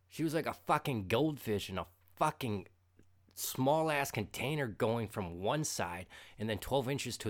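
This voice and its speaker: A man with a rather low voice rants casually, full of profanity and sarcasm, starting quietly before growing loud and heated.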